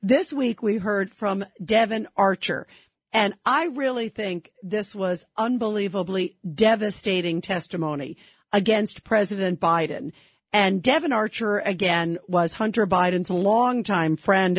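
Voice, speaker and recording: Woman radio host, husky, dry close sound; pushes each point with indignant emphasis. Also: medium pitch, dry recording. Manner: emphatic, indignant, rhetorical questions. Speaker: radio talk show host. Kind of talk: political commentary monologue.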